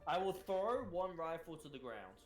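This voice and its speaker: A man's voice: on the high side, big pitch swings, normal speed, roomy sound. A man playing a tabletop game, describing what his character does. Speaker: player. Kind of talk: casual tabletop play.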